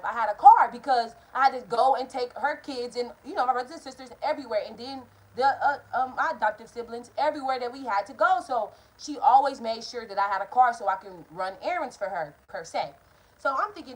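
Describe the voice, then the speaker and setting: Animated, cursing young woman telling a story. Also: on the high side, fast talker, poor audio. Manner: animated, profane, swings between loud outbursts and hushed asides. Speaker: vlogger. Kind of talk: casual storytime.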